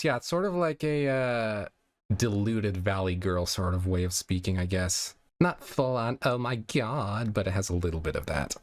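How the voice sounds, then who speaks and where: A man reading a text adventure aloud, slipping into chuckling offhand asides. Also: on the low side. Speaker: storyteller running a text adventure. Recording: faint background music.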